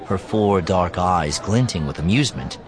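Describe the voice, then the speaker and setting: Low-voiced man narrating a story. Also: expressive, normal speed, crowd noise. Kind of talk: first-person story narration.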